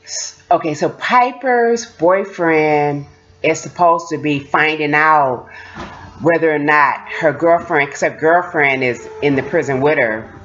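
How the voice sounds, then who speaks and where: A woman vlogger telling stories in a casual, animated way, laughing often and acting out what people said. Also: low-pitched, unhurried, dull audio. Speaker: vlogger recounting prison experience. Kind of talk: casual storytelling.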